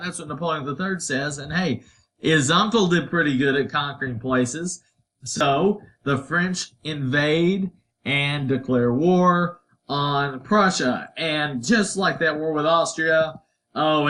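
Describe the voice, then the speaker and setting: A man's voice: a little high, a little slow, sharp tone. Casual, chatty male history teacher. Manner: casual and conversational, with playful asides and voiced quotes. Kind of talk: recorded history lecture.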